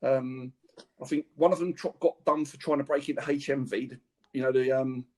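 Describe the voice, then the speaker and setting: A man's voice: medium pitch, brisk. A man, a former footballer, telling slangy anecdotes on a podcast in a casual chat. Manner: animated anecdotes, laughs through stories, slangy.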